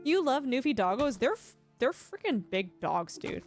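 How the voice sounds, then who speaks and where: Young canadian woman streaming, bouncy lively voice, kinda high, laughs a lot. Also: moderate pace, soft background music. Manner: chatty, laughs often, many restarts. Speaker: livestream gamer. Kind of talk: casual chat reading live chat.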